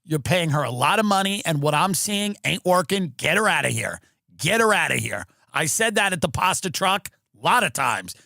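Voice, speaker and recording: A man ranting through a comedic monologue, animated, mimicking agents and fans in mocking voices. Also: fairly high pitch, moderate pace, creaky, dry recording, studio quality. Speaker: comedian and podcast host. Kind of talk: comedic rant.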